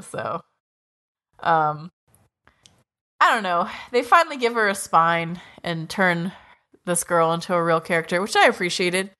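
A woman co-hosts a podcast, casually and animatedly recapping an anime, swearing freely and laughing often. Her voice is lowish and sharp in tone, animated yet unhurried, with long pauses.

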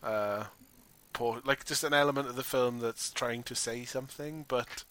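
A man casually discussing a film with a friend in a wry, animated way, swearing now and then. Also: medium pitch, normal speed, no room sound. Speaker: podcast co-host.

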